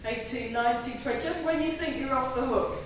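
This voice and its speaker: A woman with a high, slightly fast voice leads a tai chi fitness class, counting reps between chatty, self-mocking asides and giggles. She sounds far from the mic in an echoey room, with slight background noise.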